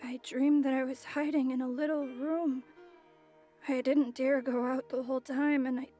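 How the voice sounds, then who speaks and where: A woman's voice: high-pitched, flat delivery, normal speed, warm tone, faint music behind, lightly acted. A woman doing a timid scared young boy. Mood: dazed. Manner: timid, hesitant. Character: frightened young boy, just woken.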